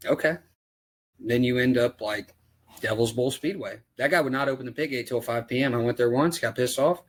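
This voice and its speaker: A race car driver on a podcast, ranting about racetracks in casual, profane talk full of rhetorical questions. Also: male voice, mid-range voice, a little fast. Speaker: dirt late model race driver.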